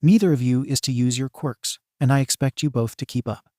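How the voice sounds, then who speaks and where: A man voicing a stern male hero teacher who speaks curtly and flatly. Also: medium pitch, fairly quick, no room sound, studio quality, close to an everyday voice. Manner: curt, flat.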